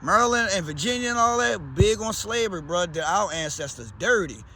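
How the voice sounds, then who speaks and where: A man's voice: sits high, lively intonation, a little fast, bright, forceful tone, a little hiss or hum. A man with a Baltimore accent, talking in a loose, slangy, rambling way as a vlogger. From Baltimore, USA. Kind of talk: casual rambling chat.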